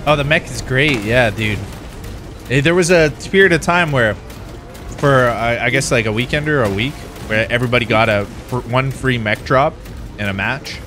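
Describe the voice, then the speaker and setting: Man, gaming host, co-op chat, swears, excitable, headset mic. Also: medium pitch, moderate pace. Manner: laid-back, swears, gets loud and excited. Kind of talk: casual co-op gameplay chat. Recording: game music underneath.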